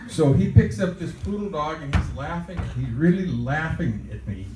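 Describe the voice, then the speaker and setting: A man's voice: on the high side, lively intonation, unhurried, dark tone, slight background noise. An older man recounting a childhood anecdote in a rambling, chuckling way, with his words tumbling out in starts and restarts. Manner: rambling storyteller, chuckles often. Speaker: interviewee. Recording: roomy, distant mic, faint ambience.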